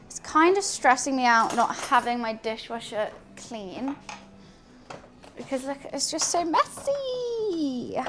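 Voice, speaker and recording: A woman's voice: high-pitched, noisy background. A woman streaming as she cooks, chatting in a scattered, casual way and talking to her cat. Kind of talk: casual cooking stream chat.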